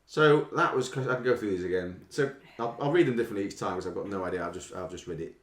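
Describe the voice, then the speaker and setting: A man hosting a casual live quiz from home, reading song lyrics aloud in a playful, drawn-out way. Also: fairly low pitch, roomy sound. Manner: playful, reads lyrics with exaggerated drawn-out delivery. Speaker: quiz host.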